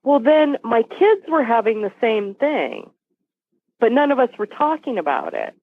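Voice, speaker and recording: A woman in her forties, a podcast guest, telling a story with animated quoted voices. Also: fairly high pitch, a little slow, dry recording. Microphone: phone call. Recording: tinny phone line.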